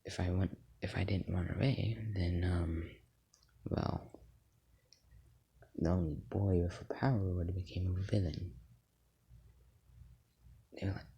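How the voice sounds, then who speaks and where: A man tells a made-up fan story in a deep, slow, unhurried way. His voice is gravelly and husky, with a dark, mellow tone. He rambles and stops to think, and often drops to a half-whisper. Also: flat delivery. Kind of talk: casual improvised fan story narration.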